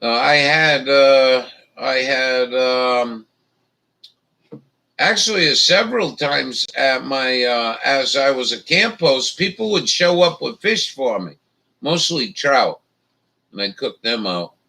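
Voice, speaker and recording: A man's voice: mid-range voice, expressive, takes it slowly, gravelly, pushed and bright, far from the mic, poor audio. A man hosting a casual chat, rambling and swearing a lot, with many fillers. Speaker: livestream host.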